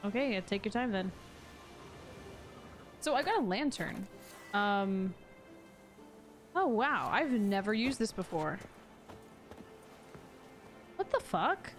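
A woman's voice: medium pitch, very animated, slow pace, pauses often. A woman streamer giving chatty, sarcastic, casual let's-play commentary. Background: game music.

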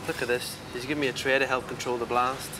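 A man's voice: medium pitch, little pitch movement, quick pace, background noise, natural voice. An actor playing a wry, joking man from Northern Ireland with a Northern Irish accent in a TV comedy. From Coleraine, Northern Ireland.

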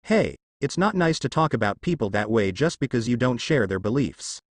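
Man reading as a bossy, scolding teen girl ninja, lively pitch. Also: moderate pace, no room sound, clean studio sound.

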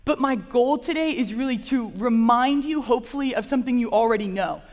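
High-voiced bubbly young woman in a chapel. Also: a little fast, a little mellow. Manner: bubbly, chatty, full of fillers. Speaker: graduate assistant speaking at chapel. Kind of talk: chapel talk. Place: large chapel hall. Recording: long reverb of a large hall.

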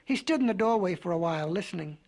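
A man narrating a storybook record in a gentle, whimsical, folksy way. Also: high voice, lively intonation, quick pace.

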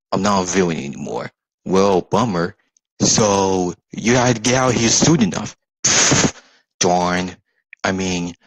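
A man's voice: medium pitch, husky, no room sound, poor audio. A man doing a comedic parody role-play, with slangy, joking delivery. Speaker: parody video voice actor.

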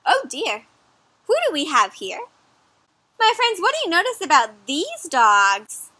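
A young woman reading a picture book aloud for children, animated, often pausing to ask her listeners questions. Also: high voice, no echo. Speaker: children's storyteller. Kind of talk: interactive read-aloud for kids.

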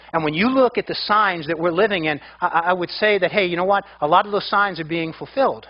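A man's voice: high voice, fast talker, lo-fi sound. A man preaching a sermon as pastor, emphatic and often repeating his words as he builds a point.

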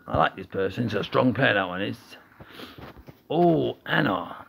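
A man's voice: mid-range voice, animated, normal speed, gravelly, dull audio, a little hiss or hum. A man giving playful, rambling commentary while playing a mobile game, often wandering off on tangents.

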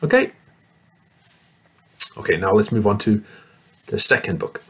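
A man teaching young children, reading picture books aloud in a slow, sing-song, exaggerated way. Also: lowish voice, lively intonation, a bit bright, breathy edge.

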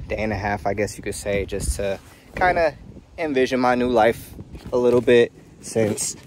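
A man's voice: mid-range voice, background noise. A man of thirty with a stuffed-up, congested voice, talking casually and upbeat to camera in a slangy vlog. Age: 30s. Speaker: vlogger.

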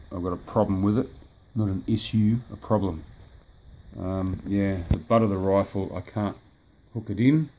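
A man with a lowish voice rambles through a casual toy review, offhand and easygoing, dropping fillers and the odd curse. He talks in a room indoors, with a faint hiss underneath. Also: a little mellow. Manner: rambling, offhand, swears at the sunlight. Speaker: toy collector reviewing a figure. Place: indoors by a sunny window.

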